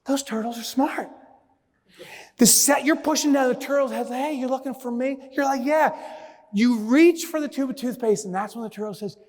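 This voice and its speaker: A man giving a conference keynote, telling a story with lively acted-out asides before moving on to business advice. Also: very high voice, normal speed. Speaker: keynote speaker. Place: large conference hall. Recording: reverberant hall.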